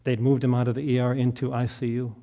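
A middle-aged man preaching a sermon, telling a story that swells to loud, impassioned peaks and sinks back to soft, quiet prayer. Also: medium pitch, flat delivery, quick pace, muffled recording. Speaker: pastor.

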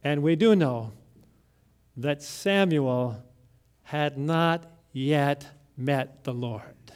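Slow, dramatic high-voiced male preacher. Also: clear, resonant tone. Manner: deliberate, with dramatic swings between loud emphasis and near-whispered lines. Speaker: pastor. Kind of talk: sermon.

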